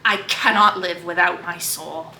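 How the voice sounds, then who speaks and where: A woman's voice: lowish voice, unhurried, pushed and bright, a little hiss or hum, exaggerated voice. A woman reading aloud as a grief-mad, brooding man raging at his dead love, in an impassioned, dramatic way. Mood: anguished. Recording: echoey room.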